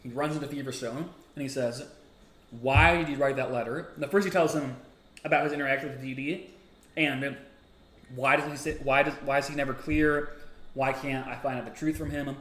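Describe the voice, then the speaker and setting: A man co-hosting a casual book discussion, retelling the plot and acting out the characters' lines in quick asides. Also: mid-range voice, steady tone, a bit bright. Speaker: podcast co-host. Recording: roomy echo.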